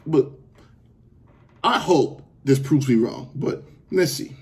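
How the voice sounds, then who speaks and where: A man's voice: a little high, animated, takes it slowly, darkish tone. A man hosting a reaction video, commenting casually and rambling a bit as he talks it over. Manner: rambling, restarts, laughs along.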